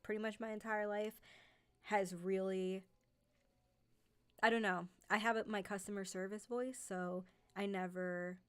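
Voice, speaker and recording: A woman's voice: medium pitch, steady tone, measured pace, a bit bright, smooth. A woman with a light New York accent, chatting casually with viewers on a livestream, with many "like" and "um" fillers. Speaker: host of a horror narration channel.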